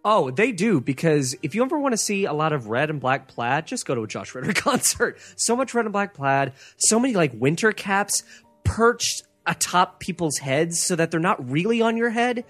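Animated young man, husky voice. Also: a little high, moderate pace, faint music behind. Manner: ranting, animated, puts on mocking voices. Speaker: podcast co-host. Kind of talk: casual chat.

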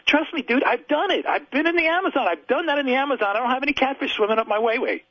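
Fast-talking husky guy, pitch all over the place, excited storyteller on a muffled radio line. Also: no room sound. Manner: excitable, emphatic storyteller with big pitch jumps. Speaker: zoo spokesperson and guest. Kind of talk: animated storytelling on a radio call-in.

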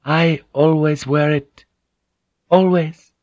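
A man reading an audiobook, voicing a gracious young Japanese noblewoman who speaks calmly in formal, measured phrases. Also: a little high, no room sound, muffled recording, voice pushed up. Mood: calm, gentle.

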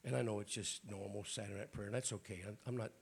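Raspy low-voiced preacher man. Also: fairly even intonation, fast. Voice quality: raspy, throat-clearing. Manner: folksy, joking preacher talk. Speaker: bishop. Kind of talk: sermon. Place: church.

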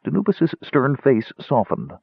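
Guy narrating a fantasy audiobook, husky and low, dry tinny phone-like sound. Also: wildly swooping pitch, a little slow, dry recording. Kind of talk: scripted narration. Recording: tinny narrow-band audio.

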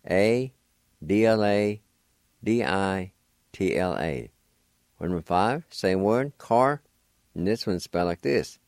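On the radio, a middle-aged man with a deep, slightly mellow voice and lively intonation teaches vocabulary. The studio-quality audio has no echo, and his lesson is slow and deliberate, each word spelled out letter by letter without hurry.

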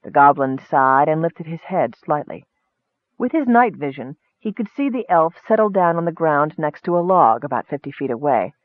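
A man's voice: on the high side, big pitch swings, moderate pace, no room sound. Man narrating a fantasy story. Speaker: audiobook narrator. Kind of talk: scripted narration. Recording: tinny phone-like sound.

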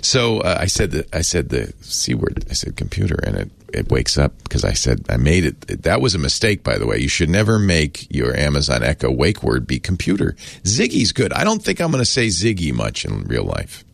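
A man with a very deep, gravelly voice talks through a casual explainer in a chatty, wry way. His pitch swings widely as he trails off and restarts. The sound is dry and close. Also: huge pitch swings, normal speed, few pauses, dry recording. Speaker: host explaining a word of the day.

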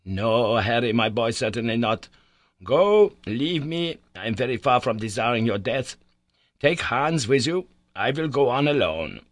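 A man voicing a stubborn, excitable older professor who insists on pressing on with an expedition. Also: mid-range voice, normal speed, no room sound, natural voice. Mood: insistent. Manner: commanding, insistent and emphatic.

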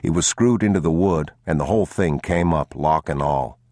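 A man narrating an audiobook in a grave, measured, somber manner. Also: a bass voice, darkish tone, dry recording, clean studio sound. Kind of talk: scripted narration.

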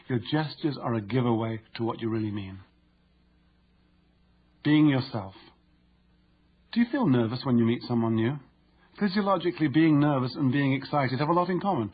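A man narrating an instructive audiobook in a steady, explanatory way. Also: medium pitch, breathy edge, highs cut off.

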